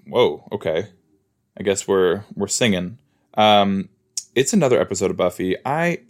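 A man's voice: deep voice, animated, unhurried. A man hosting a podcast, chatting casually and rambling with playful asides as he reacts to a TV episode he is watching. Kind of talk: casual watch-along commentary.

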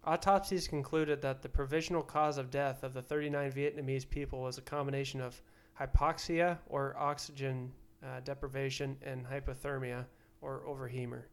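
A man's voice: medium pitch, little pitch movement, normal speed, hardly any pauses. A man co-hosting a casual podcast, reading news headlines aloud as a teasing quiz-master. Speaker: podcast co-host.

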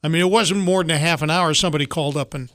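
A man co-hosting a radio show, chatting casually and chiming in with quick remarks. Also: a little high, fairly bright tone, no room sound, clean studio sound. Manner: quick interjections, conversational. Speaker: radio co-host.

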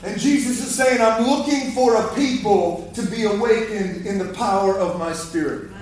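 A man's voice: high voice, moderate pace, noisy background. A man preaching a fiery sermon in a church, exhorting the congregation and calling for their response. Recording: echoey hall, mic from far off.

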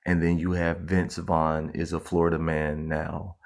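A man's voice: low voice, level tone, measured pace. A man co-hosting a casual podcast chat, playfully reading out headlines and laughing easily. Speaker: podcast co-host.

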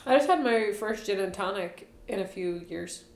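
A woman's voice: medium pitch, expressive, normal speed, vocal fry. A young woman co-hosting a casual podcast chat, talking in long rambling stretches full of "like" and sarcastic asides. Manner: chatty, lots of "like" fillers, sarcastic asides. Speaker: podcast co-host. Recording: roomy echo.

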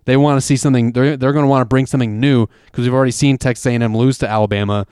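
A man chats loosely about sports, emphatic and rambling, often restarting his sentences. His voice is smooth and clear, recorded close in a dry space. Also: medium pitch, steady tone, rapid-fire, darkish tone, no room sound. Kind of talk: casual sports chat.

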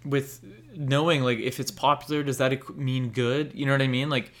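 A man's voice: medium pitch, little pitch movement, brisk, fairly bright tone. Young guy cohosting a chill anime podcast, rambly and candid, drops the odd swear. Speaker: podcast co-host. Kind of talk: casual chat about anime.

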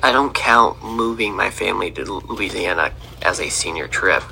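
A young man speaks low and gravelly from his kitchen, keeping his voice down as he chats. His tone is bright and forward despite the hush. Faint music plays underneath. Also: normal speed, slight background noise. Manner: talking quietly, casual and relaxed. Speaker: podcast co-host. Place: home kitchen.

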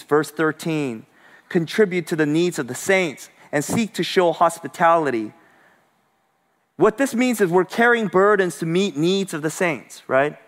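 Animated pastor preaching in a reverberant hall. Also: male voice, fairly high pitch. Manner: animated, call-and-response with congregation; conversational, swings from loud to hushed. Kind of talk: sermon.

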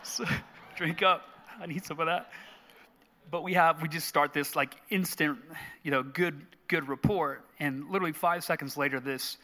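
A man, a guest on a faith show, telling a personal story in an earnest, animated way. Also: fairly high pitch, moderate pace. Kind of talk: storytelling in a live interview. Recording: long hall reverb.

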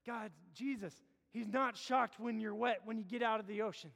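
A man preaching a sermon as a pastor, impassioned, swinging between loud urging and low hushed appeals. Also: moderate pace, creaky, hardly any pauses. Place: church sanctuary. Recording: long hall reverb.

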